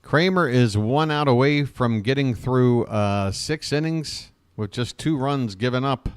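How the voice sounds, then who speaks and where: A man hosting a live fan play-by-play stream, calling pitches and thanking viewers, jokey and emotional. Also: unhurried, clean tone, dry recording. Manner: chatty, thanks viewers warmly between pitches.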